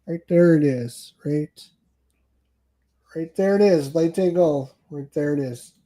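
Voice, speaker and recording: A man hosts a live show over a video call in a slightly high voice. He talks eagerly and repeats key phrases for emphasis. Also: slow pace, dark tone. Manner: enthusiastic, repeats himself for emphasis. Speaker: host. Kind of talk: casual live-stream chat.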